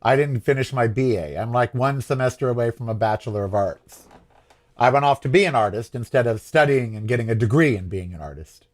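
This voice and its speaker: A man's voice: medium pitch, brisk. A man hosting his own show, talking in a rambling, frustrated political monologue that keeps questioning itself. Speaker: host.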